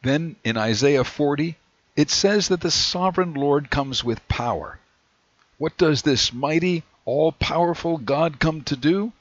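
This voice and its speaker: A man preaching a sermon in a measured way, slowing down whenever he reads scripture aloud. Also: fairly high pitch, dry recording. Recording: dry, dull lo-fi recording.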